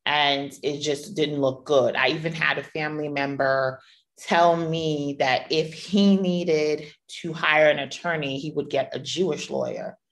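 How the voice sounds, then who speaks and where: Low-voiced and steady, speaking a little slowly, a middle-aged podcast host recounts personal stories in a monologue. Her manner is candid, playful, and emphatic.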